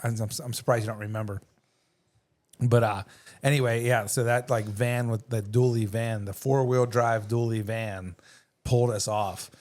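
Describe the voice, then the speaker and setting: A man with an average-pitched voice, talking in a loose, rambling way. He restarts his sentences as he recalls an old mishap with his brother. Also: steady tone, moderate pace, darkish tone. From Pittsburgh, USA. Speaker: guest. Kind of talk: casual chat.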